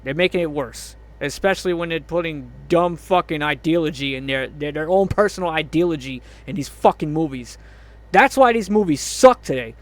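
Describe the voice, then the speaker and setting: A man's voice: fairly high pitch, a little fast. A man ranting angrily about a movie, swearing a lot, groaning in exasperation and laughing in disbelief. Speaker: movie reviewer. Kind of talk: angry movie review rant.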